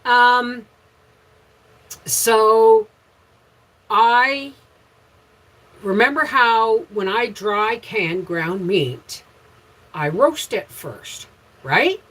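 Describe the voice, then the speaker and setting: A woman's voice: on the high side, lively intonation, extremely slow, pauses often, a bit bright, rough recording. A middle-aged woman with a Canadian accent hosting a casual home livestream, chatting about her day and greeting viewers by name. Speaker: homesteading livestream host. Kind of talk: casual live chat with viewers.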